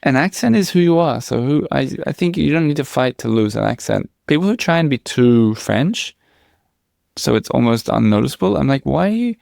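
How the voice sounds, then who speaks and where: An Australian man in his thirties, chatting casually as an interview guest, quick with asides and quoting people in lively voices. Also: mid-range voice, gravelly, no echo, studio quality. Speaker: podcaster, guest.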